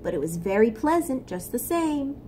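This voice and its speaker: A woman's voice: on the high side, sing-song, moderate pace, mellow, slight background noise. A woman voicing a curious, daydreaming young male ant who muses to himself in a storybook read-aloud. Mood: musing.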